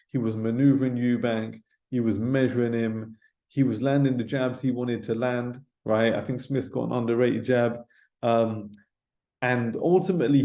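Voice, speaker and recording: Solo male pundit, casual and profane, mellow voice, echoey room without a mic. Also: medium pitch. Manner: rambling, swearing, lots of filler tags. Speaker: boxing pundit. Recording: roomy echo, no mic.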